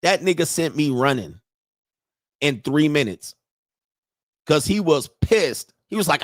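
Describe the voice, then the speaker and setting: A man's voice: on the high side, a little slow, long pauses, dry recording, clean studio sound. A man hosting a casual commentary stream, telling profane stories and acting out the people he quotes. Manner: animated storytelling, profane, acts out quotes. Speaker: host.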